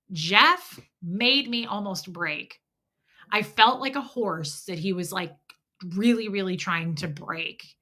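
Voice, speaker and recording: Greeting her viewers by name, a middle-aged woman chats candidly and loosely on her livestream despite a slightly stuffy nose. Her voice is mid-range, bright, and forceful.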